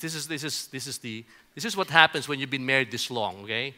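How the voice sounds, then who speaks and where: Middle-aged male preacher with a bright, forceful tone; conversational sermon storyteller. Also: medium pitch, fast. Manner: conversational storytelling, often repeats words in restarts. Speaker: pastor. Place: church auditorium.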